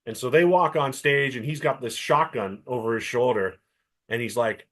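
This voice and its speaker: A middle-aged Canadian man co-hosts a podcast, telling a long story in casual chat as an animated storyteller who acts out quoted voices with lively flair. His voice is mid-range and his speed normal.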